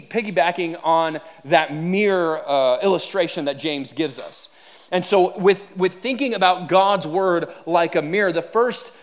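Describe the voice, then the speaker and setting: A male pastor leading a prayer and preaching a sermon, earnest and often restarting his phrases as he builds to animated emphasis. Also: high voice.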